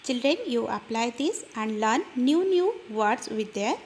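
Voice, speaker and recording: A woman teaching a grammar lesson, explaining slowly and spelling out word parts, with small fillers and restarts. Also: a little high, expressive, a little mellow, slight background noise. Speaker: English teacher.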